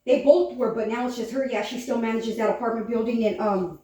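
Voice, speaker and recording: Woman, casual storyteller, higher voice, animated quotes; far-off mic, heavy room echo. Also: a little fast. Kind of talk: casual chat. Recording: echoey room, distant mic, faint noise.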